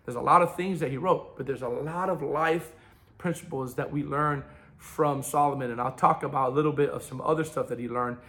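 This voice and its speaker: His pitch sits in the medium range and his delivery runs a little fast. This pastor's sermon alternates between forceful, loud outbursts and softer asides.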